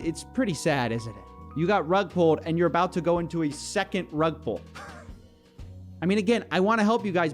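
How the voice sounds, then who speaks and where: A man presenting an online commentary video in a dry, mocking tone with ironic asides. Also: high-pitched. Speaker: YouTube commentator.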